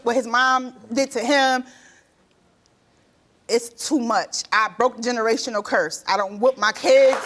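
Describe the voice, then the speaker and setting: Talk show guest, thirties woman, slightly high pitch, animated storyteller. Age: 30s. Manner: animated, acts out quoted voices; colloquial, repeats herself. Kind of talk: emotional testimony.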